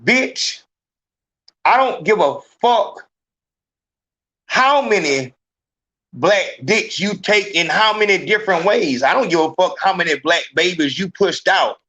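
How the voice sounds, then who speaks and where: A male podcast host lays into his point with a forceful, tense voice that sits a little high for a man. He talks in a profane, emphatic way, pushing each line hard on a live show. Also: lively intonation, measured pace, pauses often. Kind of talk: heated live podcast rant.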